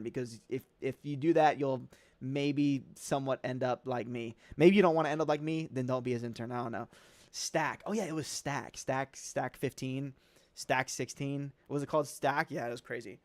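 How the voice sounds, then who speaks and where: A man's voice: fairly high pitch, no room sound. A young man hosting a casual livestream, answering chat questions in a loose, slangy way with lots of fillers.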